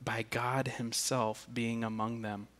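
A man preaching a sermon, deliberate and earnest, often repeating a word as he restarts. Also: medium pitch, little pitch movement, a bit bright. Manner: slow and deliberate, with emphatic restarts. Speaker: pastor.

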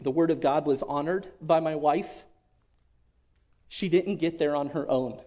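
A man giving an emotional personal testimony to his church, earnest and halting, often dropping to a hush. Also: on the high side. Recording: dull lo-fi recording.

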